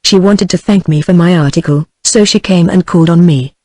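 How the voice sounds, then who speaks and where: A woman's voice: fairly low pitch, a little fast, a little mellow, dry recording, natural voice. Synthetic woman reading an evasive young journalist. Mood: offhand. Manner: offhand, evasive. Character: wary young male journalist, sly and evasive.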